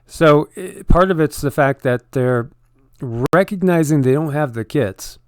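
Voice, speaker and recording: A man's voice: fairly high pitch, a little slow, clean tone, dry recording, studio quality. A man co-hosting an online channel, giving casual, rambling commentary on news figures and filling his talk with "you know" and restarts.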